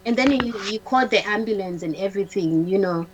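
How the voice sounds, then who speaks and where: Woman telling her story haltingly. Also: medium pitch, dull audio, slight background noise. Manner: halting, with frequent restarts and repeated words; acts out the dialogue of others in her story. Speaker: guest. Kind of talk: personal storytelling on a talk show.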